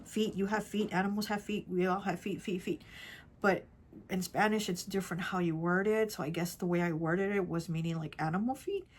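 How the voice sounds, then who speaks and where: A woman tarot reader telling a personal story in casual chat, rambling and repeating herself, often dropping to a soft, hushed voice. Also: lowish voice, fairly even intonation, fairly quick. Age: adult with children. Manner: rambling, repeats herself, many "like" and "you know".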